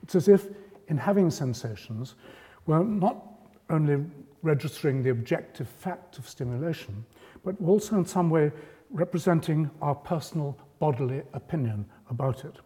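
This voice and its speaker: With a warm, mellow, mid-range voice, a man explains things in a measured public lecture, pushing his pitch up on points he wants to stress. A lecture hall's long reverb surrounds the sound.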